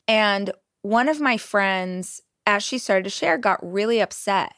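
A woman's voice: medium pitch, animated, measured pace, a bit bright, clean tone, no echo, clean studio sound. A woman hosting a motivational podcast, talking directly and encouragingly to her listener. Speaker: podcast host.

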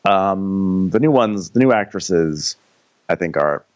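Podcast co-host, male, low voice, rambling and halting, dull lo-fi sound. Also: expressive. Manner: rambling, halting with many likes and restarts. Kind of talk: casual comedic recap chat.

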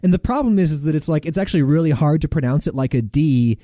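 Emphatic podcast host, very dark voice. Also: male voice, fairly high pitch, fast, no room sound, clean studio sound. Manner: emphatic, excitable about pronunciation. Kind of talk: casual chat.

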